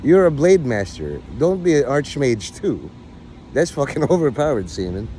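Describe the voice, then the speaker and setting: A middle-aged man holds a casual livestream rant, swearing freely and bossing his viewers around in jest. His voice is mellow and dark in tone, yet his pitch swings widely as he rambles. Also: very animated, moderate pace, a little hiss or hum. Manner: profane, rambling, mock-bossy toward viewers.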